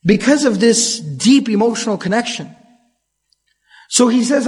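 A man lectures on early Islamic history in an earnest storytelling manner, dropping Arabic phrases as he goes. His voice sits high for a man. The sound rings with the long reverb of a large hall. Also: expressive, measured pace, pauses often. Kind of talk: storytelling lecture on the Prophet's life.

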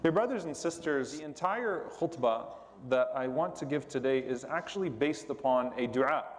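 A man delivers a sermon in a high-pitched voice, going over each line carefully and repeating it before he explains it. His voice carries a long reverb, as if from a large hall. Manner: explains slowly, repeating Arabic supplications then translating. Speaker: preacher giving a sermon.

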